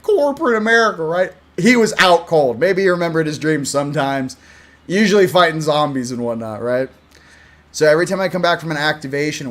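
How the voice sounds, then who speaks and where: Excitable high-voiced man hosting a channel. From Southern California. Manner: animated, laughing, swings between hushed and loud. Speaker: spiritual channel host. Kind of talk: casual direct-to-camera talk.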